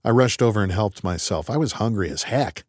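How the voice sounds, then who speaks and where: A man's voice: lowish voice, expressive, a little fast, dry recording, clean studio sound. A man narrating an audiobook in the first person with a wry, conversational manner.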